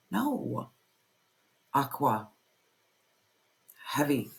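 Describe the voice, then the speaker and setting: An intense tarot reader talks straight to the listener in a fiery pep-talk, hammering points home with repeated phrases and plenty of swearing. The pitch sits in a middle range, neither high nor low. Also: animated, slow, gravelly, pauses often. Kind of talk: spoken tarot reading to camera.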